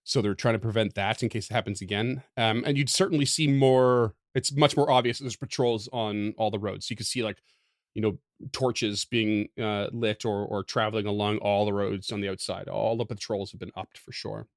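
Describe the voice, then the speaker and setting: A man narrating as game master in a tabletop game, halting and full of restarts. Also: fairly low pitch, fairly even intonation, dry recording, clean studio sound. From Canada. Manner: hesitant, halting, laughs often.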